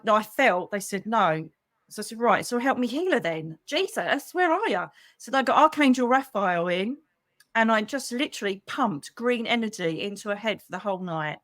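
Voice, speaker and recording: Woman, middle-aged, chatty storyteller, medium pitch, dry close sound. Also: dry recording. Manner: chatty, animated storytelling, acts out quoted voices, calls people darling. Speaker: psychic medium host. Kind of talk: livestream storytelling to members.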